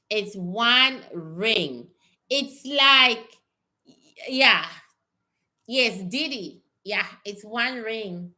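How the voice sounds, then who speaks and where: Woman psychic chatting to her livestream viewers, slow drawl, kinda high bright voice, blunt n swears a lot. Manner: blunt and profane, drifting and repeating herself. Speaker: psychic reader. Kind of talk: casual livestream chat answering viewers.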